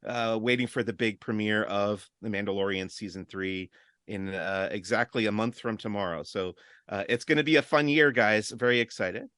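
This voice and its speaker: A man chatting casually as a podcast guest, easygoing and quick to laugh. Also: lowish voice, fairly bright tone, clean tone, no room sound, clean studio sound. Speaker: podcast guest, entertainment reporter. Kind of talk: casual chat.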